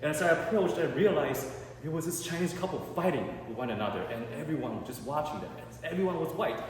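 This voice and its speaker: Male stand-up comic, animated storyteller with a lively pitch, recorded live in a reverberant hall. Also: fast talker. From Canada. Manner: animated storytelling with acted quotes. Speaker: stand-up comedian. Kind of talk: stand-up comedy set. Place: art gallery event space with a live audience. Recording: echoey hall with long reverb and clear background noise.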